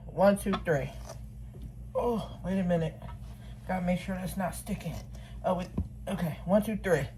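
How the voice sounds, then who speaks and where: On a low-quality recording with a little hiss or hum, a middle-aged woman with a Philadelphia accent bakes in her kitchen and chats to the camera. She has a lowish voice at normal speed, says "y'all" to her viewers, and is animated and self-deprecating.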